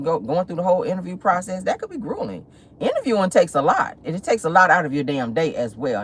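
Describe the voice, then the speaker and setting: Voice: medium pitch, fairly bright tone. A gossip channel host chatting sassily while driving, swearing freely and calling viewers honey and y'all. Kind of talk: casual celebrity gossip chat. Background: faint road and car noise.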